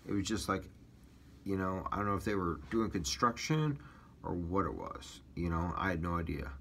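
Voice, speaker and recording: A man with a deep, low-pitched voice recounts his personal testimony in a loose, casual way. He drifts and restarts, filling gaps with ums and uhs the way a taxi driver tells a long story. A faint hiss of noise runs under the recording. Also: big pitch swings, normal speed, gravelly, fairly bright tone. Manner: rambling storytelling with many fillers and restarts.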